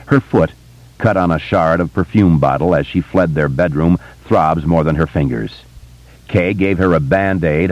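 A man narrating a novel in a steady, measured reading voice. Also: deep voice, no room sound. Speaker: audiobook narrator. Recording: dull, dry lo-fi recording.

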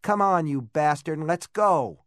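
Male narrator voicing a teasing young woman, pitched up high, playful and coaxing. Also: very animated, takes it slowly, no echo, studio quality, heavily acted.

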